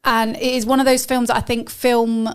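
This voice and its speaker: Chatty English woman, smooth higher voice. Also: little pitch movement, moderate pace. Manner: chatty, enthusiastic, trails off into fillers. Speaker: podcast co-host. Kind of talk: casual chat.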